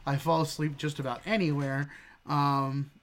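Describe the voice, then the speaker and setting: A young man co-hosting a podcast, telling a story in a loose, animated way, laughing and swearing as he goes. His voice sits a little high for a man. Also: normal speed. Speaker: podcast co-host. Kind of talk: casual storytelling.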